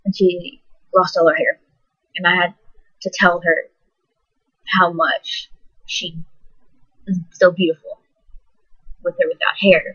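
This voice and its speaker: A teenage girl telling a personal story in a soft, halting, emotional way. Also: lowish voice, slightly rough. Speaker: vlogger. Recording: dull lo-fi recording.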